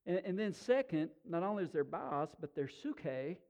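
Folksy preacher man, slightly high voice. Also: normal speed. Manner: folksy, animated storytelling with frequent restarts. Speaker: pastor. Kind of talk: sermon.

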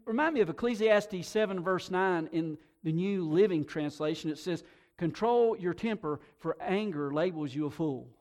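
A man preaching a sermon to a congregation, animated, often repeating words and swinging between soft and loud delivery. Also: a little high. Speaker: pastor.

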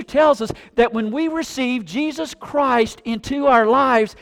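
A male pastor preaching a sermon, telling stories with animated emphasis and rising intensity. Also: very high-pitched, unhurried, hardly any pauses.

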